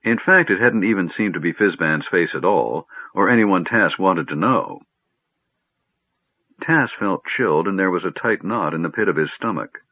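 A man narrating a fantasy story in a measured storytelling manner. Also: sits low, animated, no room sound. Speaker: audiobook narrator. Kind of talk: scripted narration. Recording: dry, tinny phone-like audio.

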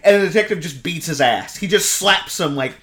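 A man's voice: fairly high pitch, brisk, a bit bright. A man casually recapping a film plot on a podcast, rambling with lots of fillers and acting out lines. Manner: rambling, heavy use of "like", acts out quotes. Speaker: podcast co-host.

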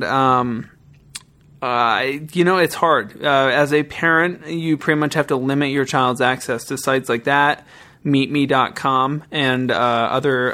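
A man's voice: mid-range voice, sharp tone. A man co-hosting a video podcast, chatting loosely with lots of "like" and casual swearing. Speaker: podcast co-host. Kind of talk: casual chat. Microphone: studio podcast mic.

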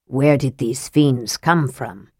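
A woman voicing a grave, wary elderly male dwarf king from a storybook, speaking slowly and troubled. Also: very deep voice, darkish tone, no room sound, studio quality, pitched below the performer's own voice.

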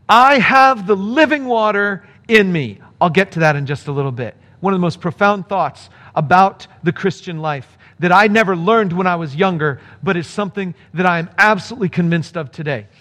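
Male pastor, sermon delivery, high-pitched, earnest, shifting pace for emphasis. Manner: earnest, animated preaching with quick bursts and slowed emphasis. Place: speaking to a remote congregation.

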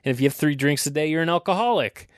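A man's voice: on the high side, quick pace, no echo, clean studio sound. Profane rambling guy in his thirties. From Canada. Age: 30s. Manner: profane, rambling, self-deprecating. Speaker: podcast host. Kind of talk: casual solo podcast rant.

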